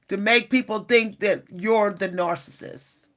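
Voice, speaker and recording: A woman talking casually to camera as a vlogger, animated and exasperated, often repeating herself and calling out to her viewers. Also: medium pitch, unhurried.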